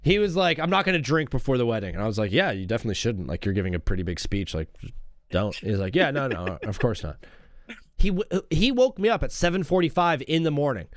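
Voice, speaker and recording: A man's voice: medium pitch, sing-song, fast talker, no room sound, studio quality. A man hosting a casual call-in radio show, chatting and telling an easygoing story. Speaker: radio host. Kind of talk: casual chat.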